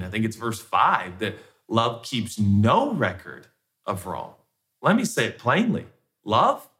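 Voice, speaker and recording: A man's voice: mid-range voice, pushed and bright. A male pastor preaching a conversational sermon, firing off repeated rhetorical questions.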